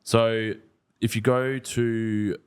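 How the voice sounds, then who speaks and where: A man's voice: deep voice, moderate pace. A man, co-hosting a podcast in blunt, joking, casual chat. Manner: blunt, joking, swears freely. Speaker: podcast co-host.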